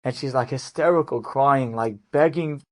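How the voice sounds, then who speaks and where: A man, a rabbi, telling an inspirational story to an audience with lively, casual delivery. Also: mid-range voice, normal speed. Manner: animated storyteller, casual fillers.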